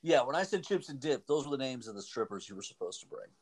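A man's voice: medium pitch, quick pace, husky. A man hosting a radio show, joking around in a casual, playful way. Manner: jokey, playful, lively delivery.

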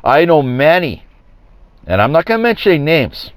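A man's voice: a little high, big pitch swings, normal speed, clear, resonant tone, no echo. A man hosting his own podcast, talking in a rambling, opinionated way and chuckling at his own jokes. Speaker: podcast host. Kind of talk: casual opinionated monologue.

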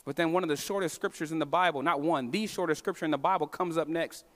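A man preaching a sermon as pastor. His delivery is impassioned, swinging between hushed moments and emphatic calls. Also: a little high, fast talker. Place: church sanctuary. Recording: long reverb of a large hall.

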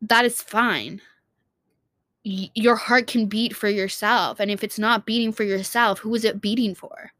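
A woman's voice: medium pitch, steady tone, measured pace, a bit bright, no room sound. A young woman vlogging in a casual, heartfelt monologue, rambling and restarting her sentences and swearing casually.

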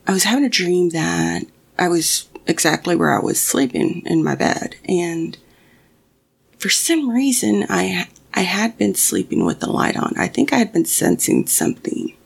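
A woman's voice: on the low side, expressive, a little slow, vocal fry, husky. A young woman telling a personal story casually, swearing often and restarting her sentences. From Mexican family.

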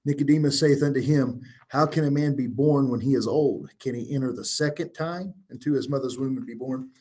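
A man of middling pitch teaches as a guest on a religious talk show. He reads old-style scripture aloud, then explains each verse in earnest, plain language. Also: a little fast, dark tone.

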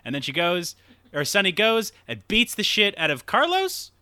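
A young man co-hosting a podcast, retelling a film in a rambling, animated way and acting out quotes. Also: high-pitched, normal speed, dry recording, clean studio sound. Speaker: podcast co-host. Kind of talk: casual film recap chat.

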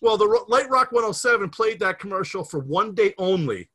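A man's voice: high voice, animated, fairly quick, fairly bright tone. A man in his fifties from the Scranton area of Pennsylvania, hosting a casual podcast and telling a rambling story full of restarts. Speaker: podcast host.

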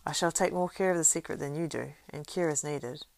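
A woman's voice: deep voice, brisk, gravelly, a little mellow, no echo. Strider, a woman reading a wary ranger. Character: weathered male ranger, cool and guarded.

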